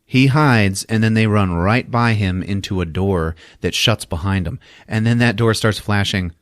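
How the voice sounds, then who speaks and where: A man's voice: on the low side, moderate pace, no room sound, studio quality. A man hosting a podcast, casually recapping a movie in an amused, chuckling way.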